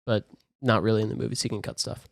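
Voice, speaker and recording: A man casually recapping a movie plot, animated and slipping into quick character voices. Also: lowish voice, vocal fry, no room sound, clean studio sound. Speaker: podcast co-host.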